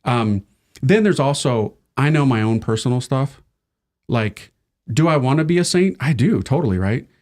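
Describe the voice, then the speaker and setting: American priest telling stories animatedly. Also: male voice, mid-range voice, moderate pace. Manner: animated storyteller, acts out quoted people. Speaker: priest, podcast guest. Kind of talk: casual conversation.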